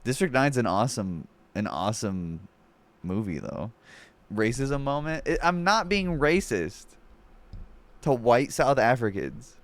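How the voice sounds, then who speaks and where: Slow-talking, animated streamer man. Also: mid-range voice. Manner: mocking, laughs often, swears freely. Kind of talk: casual reaction commentary.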